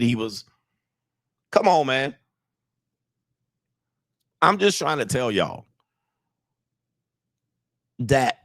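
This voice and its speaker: Clean studio sound with no echo carries a medium-pitched male dating coach as he streams live. Speaking in a loose monologue, he swears, says the same things over and over, and pushes his audience to either disagree or back him up.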